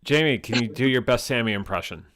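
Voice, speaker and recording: A man's voice: mid-range voice, fast, a bit bright, slight background noise. A man hosting a casual live-stream chat, joking around and reading out viewer comments. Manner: jokey, reads out viewer comments. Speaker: host.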